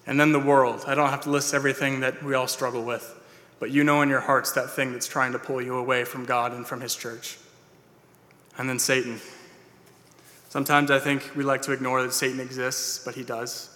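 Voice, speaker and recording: A man preaches to his church as its pastor, earnest and plain-spoken, with "uh"s and restarts. His mid-range voice is brisk and sharp, delivered flatly. The sanctuary gives the recording a long hall reverb.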